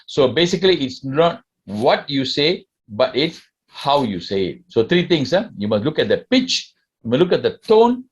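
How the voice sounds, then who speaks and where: A man's voice: on the high side, sing-song, normal speed, slightly rough, dull audio. A man with a Malaysian English accent giving a classroom lecture and often asking the class questions. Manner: asks the class questions, tags sentences with "lah".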